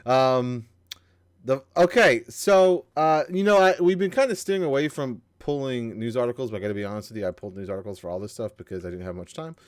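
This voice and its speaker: A man's voice: medium pitch, fairly quick, clean tone, dry recording, studio quality. A man co-hosting a casual gaming news chat, rambling and profane, often restarting his sentences and joking at his own expense. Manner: rambling, profane, self-deprecating, many restarts. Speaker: podcast co-host.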